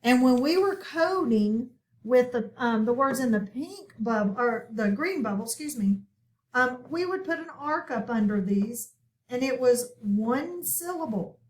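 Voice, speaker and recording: A woman's voice: a little high, expressive, a little slow. A woman teaching a recorded phonics lesson, patient and checking in often with her listeners.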